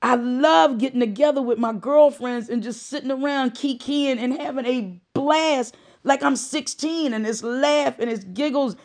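A woman's voice: high-pitched, unhurried, hardly any pauses, darkish tone. A middle-aged woman giving a heartfelt monologue, with emphatic, repeated phrases and moments of choking up. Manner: emotional, choking up.

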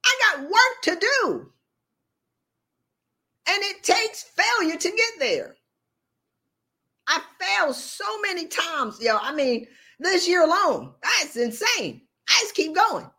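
Animated high-voiced woman giving a pep talk. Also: slow, long pauses. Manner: animated, preachy, jokes and acts out dialogue. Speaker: motivational speaker. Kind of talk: motivational talk with acted-out asides. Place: streamed live talk.

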